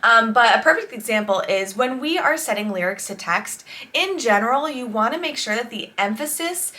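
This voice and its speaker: A woman's voice: a little high, animated, normal speed, sharp tone. A woman songwriter reacting to an album in casual, enthusiastic commentary, explaining songwriting tips as she goes.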